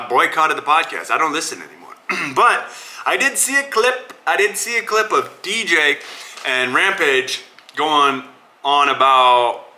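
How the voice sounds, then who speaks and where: A man's voice: fairly high pitch, pushed and bright, low-quality recording. A man hosting his own podcast, giving blunt, opinionated casual commentary and calling listeners brother. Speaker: podcast host. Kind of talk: casual solo commentary on fights.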